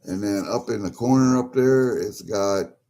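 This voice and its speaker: Taking his time, a man with a fairly low, mellow voice unboxes packages and talks to himself in an easygoing way. As the vlogger goes, he mutters and rambles through casual commentary.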